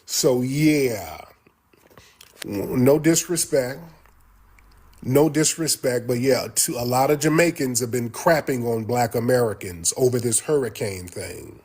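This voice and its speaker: A man's voice: mid-range voice, measured pace, a little mellow, breathy edge. A man talking on a livestream clip, blunt and dismissive, repeating himself as he answers. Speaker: livestream host. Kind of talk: livestream commentary.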